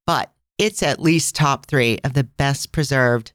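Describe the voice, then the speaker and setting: A woman's voice: rumbling low, a little slow, no room sound, clean studio sound. A woman hosting a casual travel podcast, telling stories in a chatty way with tangents and asides. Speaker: podcast host.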